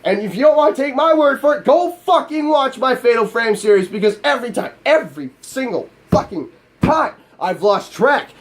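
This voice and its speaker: A man's voice: extremely high pitch, animated, moderate pace. A man ranting in an angry, profane and exasperated way, with self-mocking asides, as a gaming YouTuber. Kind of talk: angry vlog rant.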